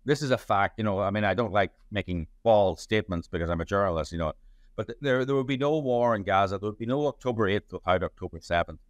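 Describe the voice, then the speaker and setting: Low-voiced man, rambling. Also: fast, no echo. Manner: rambling with frequent restarts and fillers. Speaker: journalist and playwright. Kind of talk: conversational interview answers.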